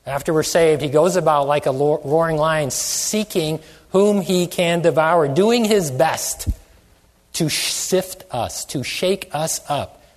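A man's voice: a little high, slow pace. A man preaching a sermon, asking many questions and stretching out phrases for emphasis. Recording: long hall reverb.

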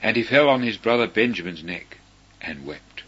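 A man reading scripture aloud in a slow, solemn, measured way, pausing between phrases. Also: lowish voice, animated, fairly bright tone, husky. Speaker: scripture reader. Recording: dull lo-fi recording.

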